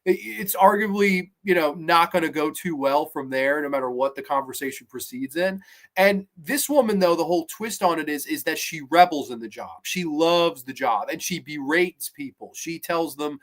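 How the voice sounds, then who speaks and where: A man hosting a podcast, talking through a horror episode in a casual, animated way, with lots of restarts and blunt asides. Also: on the high side, moderate pace. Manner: animated and chatty, many restarts, asks "right?". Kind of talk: casual spoken review.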